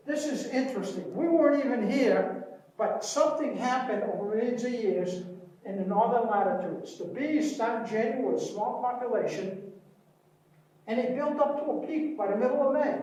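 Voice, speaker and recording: New man, folksy beekeeping speaker, high-pitched, distant mic in a reverberant room. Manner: folksy storyteller, slows down and softens for anecdotes. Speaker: beekeeper giving a library talk. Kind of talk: informal public presentation. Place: library meeting room. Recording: echoey room from far off.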